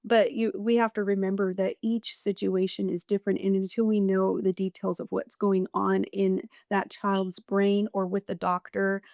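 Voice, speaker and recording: A woman hosting a podcast, speaking in a middle-pitched voice. She talks thoughtfully, pausing and searching for words with plenty of fillers. The recording is dry and close. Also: little pitch movement, gravelly, a little mellow, dry recording. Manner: thoughtful, halting, with many fillers. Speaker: podcast host. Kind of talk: conversational interview.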